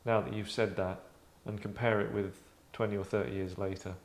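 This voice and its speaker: A man's voice: lowish voice, flat delivery, fairly quick. A man hosting a casual discussion, chatty and wry, slipping into voices as he talks. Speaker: host. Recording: roomy echo.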